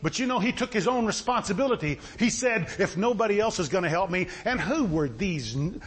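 A man preaching a sermon as pastor, impassioned and rising to loud bursts. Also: sits high, expressive, a little fast, husky.

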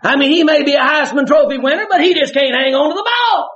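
A man preaching a sermon, animated, bursting into shouts and laughter as he tells his stories. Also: very high-pitched, fast. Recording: dull lo-fi sermon recording.

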